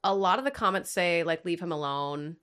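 A woman's voice: fairly low pitch, expressive, brisk, fairly bright tone, smooth. A young woman hosting a podcast, chatting casually and upbeat, with lots of filler words. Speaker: podcast host.

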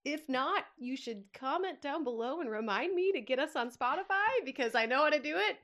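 A bubbly, giggly woman hosting a relaxed podcast chat. Her voice sits high and swoops up and down a lot as she rambles along. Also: a little fast. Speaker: podcast host. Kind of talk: casual chat.

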